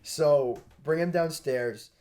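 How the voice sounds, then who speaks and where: A young man co-hosting a podcast, telling a story in a casual, animated way and laughing as he goes. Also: a little high, takes it slowly. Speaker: podcast co-host.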